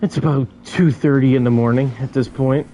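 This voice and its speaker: A man's voice: medium pitch, fairly even intonation, a little fast, warm tone, a little hiss or hum, rough recording. A young man casually telling a story about a night out, often stuck repeating syllables before a word comes out. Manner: stammers, repeating syllables many times.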